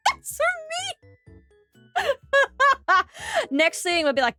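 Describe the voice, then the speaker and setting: A young Australian woman streaming live, chatting with her viewers in an animated, giggly, exclamatory way. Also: extremely high pitch, slow, pauses often, soft background music.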